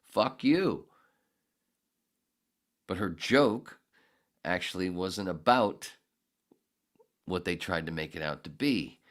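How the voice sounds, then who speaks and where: Podcast host, male, deep and highly animated, profane sarcastic ranter. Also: a little slow, pauses often. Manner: angry, profane, sarcastic, swings between muttering and shouting. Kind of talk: ranting monologue.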